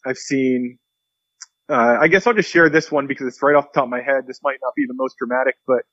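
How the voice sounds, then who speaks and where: A man's voice: medium pitch, dry recording. Earnest man telling a story, muffled sound. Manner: earnest, animated storyteller acting out quotes. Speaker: pastor. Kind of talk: podcast interview storytelling.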